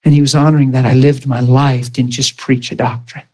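A man's voice: medium pitch, little pitch movement, fairly quick, a little mellow, rough recording. Man preaching a storytelling sermon. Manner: storytelling, acts out quoted dialogue with rising and falling voice. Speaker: pastor.

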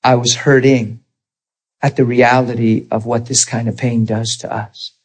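A man preaching, telling a personal story in an earnest, animated way and acting out the dialogue. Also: mid-range voice, measured pace, husky, rough recording. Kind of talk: storytelling sermon.

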